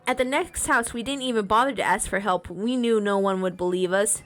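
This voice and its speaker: A woman's voice: medium pitch, fairly quick, fairly bright tone. A woman streamer reading a storybook aloud, chatting with viewers and fixing small slips as she goes. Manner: chatty asides to chat, reads with small self-corrections.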